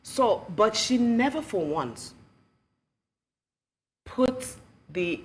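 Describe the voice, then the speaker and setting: A woman with a Nigerian accent, a TV panel host, posing questions in an animated way. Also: on the high side, very slow. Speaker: show host. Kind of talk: panel discussion. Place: TV studio.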